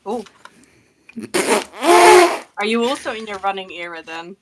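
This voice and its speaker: A woman's voice: mid-range voice, a little slow, heavy background noise. A woman co-hosting an art livestream, explaining things in a rambling, hesitant way with many fillers. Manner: hesitant, rambling, lots of ums. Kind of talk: casual chat while painting.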